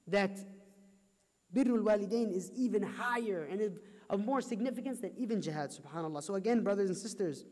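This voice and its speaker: A man's voice: extremely high pitch, darkish tone. A man delivering an impassioned sermon, pleading urgently with his listeners. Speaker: preacher. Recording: long hall reverb.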